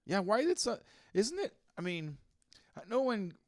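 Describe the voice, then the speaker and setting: A man's voice: high-pitched, big pitch swings, normal speed, darkish tone, no room sound, studio quality. A man co-hosting a comedy podcast, reading out listener posts and riffing bluntly with lots of fillers and swearing. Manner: blunt, profane, filler-heavy. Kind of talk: casual comedic chat.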